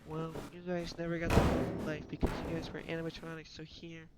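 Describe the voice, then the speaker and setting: A man doing a hushed, grave puppet spirit. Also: fairly high pitch, completely flat delivery, brisk, heavy background noise, lightly acted. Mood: solemn. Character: solemn male puppet spirit granting life.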